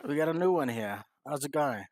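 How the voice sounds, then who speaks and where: A man's voice: on the high side, lively intonation, a little fast, a little mellow, no echo, studio quality, lightly acted. A man doing a shady grinning bartender. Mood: sly. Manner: sly, upselling patter.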